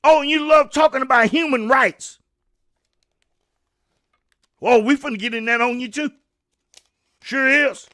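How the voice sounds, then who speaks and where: A fiery man delivers an opinion rant. His voice sits very high and sounds bright and sharp. He stammers, repeats himself and preaches at the listener. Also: a little slow, long pauses. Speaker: host of a commentary show.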